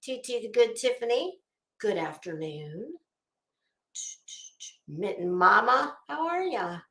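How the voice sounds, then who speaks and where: A woman's voice: on the high side, lively intonation, slow, fairly bright tone. A woman hosting a casual livestream, chatty and rambling, greeting viewers by name. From Florida. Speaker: livestream host. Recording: echoey room.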